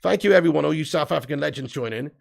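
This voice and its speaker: A man's voice: a little high, expressive, very fast, vocal fry. A young English man with a southern English accent, hosting a football live stream, chatting casually and swearing as he reads out viewer comments. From England. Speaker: football channel host. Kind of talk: live-stream chat reading.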